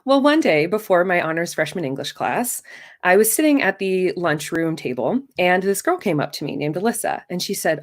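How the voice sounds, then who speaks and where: A woman's voice: lowish voice, expressive, moderate pace. Wry woman telling a true story. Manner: wry, self-mocking, conversational. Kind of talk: first-person live storytelling.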